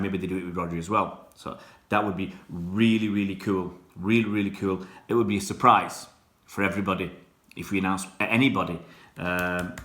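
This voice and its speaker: Rambling low-voiced live stream host. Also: male voice, fairly bright tone, slight background noise. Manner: rambling, many fillers and restarts. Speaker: football channel host. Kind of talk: live stream chat reading comments.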